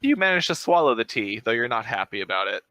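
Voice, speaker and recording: A man narrating a tabletop game as game master, describing events lively and often laughing. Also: medium pitch, quick pace, no echo. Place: home streaming setup.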